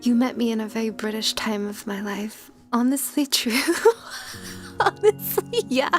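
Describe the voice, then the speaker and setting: A woman's voice: a little high, slow pace, pauses often, fairly bright tone, soft background music. A woman VTuber streamer in casual livestream chat, giggly and greeting her chatters by name.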